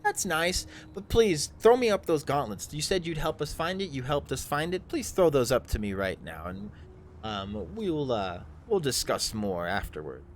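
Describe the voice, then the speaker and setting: Man doing a smooth, insistent drow lord. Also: fairly high pitch, sing-song, normal speed, a little hiss or hum, voice pushed up. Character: commanding male drow leader.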